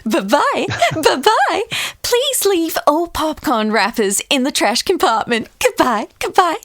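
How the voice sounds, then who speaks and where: A woman's voice: high-pitched, sing-song, slow, a bit bright, no echo, studio quality, pitched above the performer's own voice, exaggerated voice. A woman voicing a chirpy female doll in a sugary, sing-song manner.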